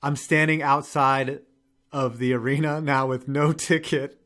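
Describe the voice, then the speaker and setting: A man's voice: medium pitch, unhurried. A young man hosting a live show, telling a rambling story in casual, profane chat. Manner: animated, profane, rambling with restarts and laughs.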